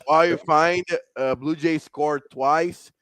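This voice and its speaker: A man's voice: fairly high pitch, fairly even intonation, takes it slowly, fairly bright tone, no room sound. Emphatic man with a raised voice. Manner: emphatic, with nonstandard grammar. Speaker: podcast co-host. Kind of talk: casual sports chat.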